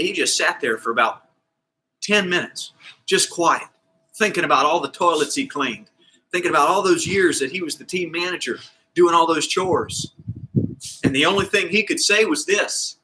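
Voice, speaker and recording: A man's voice: a little high, normal speed, slight background noise, poor audio. A man coaching a kids' PE class, telling a story with lots of energy and acting out the characters. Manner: energetic, theatrical, plays voices of characters. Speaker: kids PE coach. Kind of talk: animated storytelling to kids.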